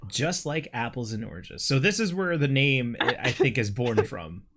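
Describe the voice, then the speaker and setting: A man's voice: medium pitch, expressive, normal speed, background noise. A young man hosting a podcast, reading stage directions from his old script in an amused, self-mocking way.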